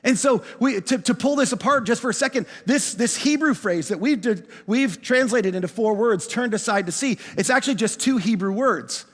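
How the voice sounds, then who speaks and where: In a big church auditorium, a male pastor with a high-pitched, animated voice preaches a sermon through a stage microphone, his words trailing into a long echo. He hammers his key phrases, repeats himself for emphasis and draws certain words out slowly.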